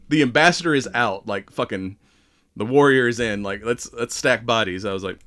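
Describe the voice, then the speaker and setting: A man's voice: medium pitch, animated, pushed and bright. A man co-hosting a podcast, chatting casually about a movie, laughing often and acting out characters' lines. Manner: laughing, acts out lines in quick voices. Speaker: podcast co-host.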